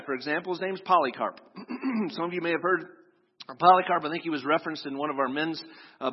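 A man's voice: sits high, breathy edge. A man preaching a sermon, telling a story and acting out the voices of its people. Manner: storytelling, acts out quoted voices. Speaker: pastor. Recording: echoey hall, dull lo-fi sound.

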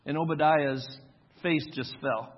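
Husky-voiced pastor in an echoey hall. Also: male voice, on the high side, a little slow. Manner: conversational storytelling, acts out quoted voices. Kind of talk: sermon. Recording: echoey hall, dull lo-fi sound.

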